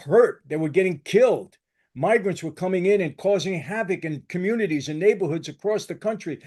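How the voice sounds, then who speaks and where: A man's voice: high voice, darkish tone. Fierce, emphatic older man ranting. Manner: emphatic, repetitive, combative. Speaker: channel host. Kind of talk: political commentary rant.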